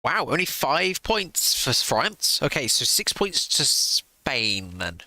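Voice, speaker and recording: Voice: mid-range voice, very animated, slow, bright, forceful tone, no room sound. A streamer giving sarcastic live reaction commentary into a close desk mic, swearing freely.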